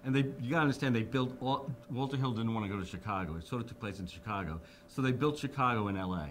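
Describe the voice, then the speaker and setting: A man's voice: mid-range voice, fast, slight background noise. Man in his fifties telling stories. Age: 50s. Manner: animated, acts out quoted people, chuckles. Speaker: interviewee. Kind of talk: anecdotal interview storytelling.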